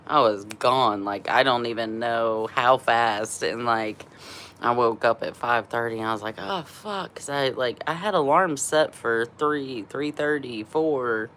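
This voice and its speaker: A woman's voice: very deep voice, a little slow, a bit bright, a little hiss or hum. A middle-aged woman vlogging in casual chat, laughing often and swearing freely while feeling unwell from a cleanse.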